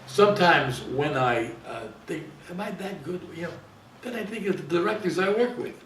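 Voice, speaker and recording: A man's voice: high voice, expressive, moderate pace, fairly bright tone, recorded from a distance. An older man, an actor telling rambling anecdotes in a casual interview, repeating and interrupting himself. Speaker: guest actor. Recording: roomy sound from off-mic, faint hiss.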